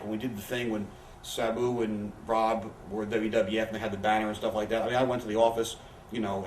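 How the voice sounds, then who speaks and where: Male interview guest, rapid rambling storyteller with salty language; roomy home recording, faint hiss. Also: on the low side, far from the mic. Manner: profane, rambling anecdotes with quoted voices. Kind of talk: candid storytelling. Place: living room.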